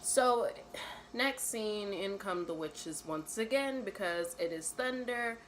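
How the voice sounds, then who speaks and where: A woman's voice: medium pitch, lively intonation, takes it slowly, a little hiss or hum, poor audio. A young woman retelling a classic play in casual slang, mixing read verse with her own summary and often adding "right?".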